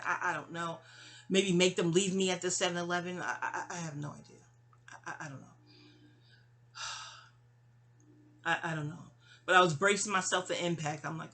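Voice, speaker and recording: Brief: bright-voiced woman, rambling personal storyteller, stammering restarts, side asides. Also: on the low side, a little fast. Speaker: memoir storyteller.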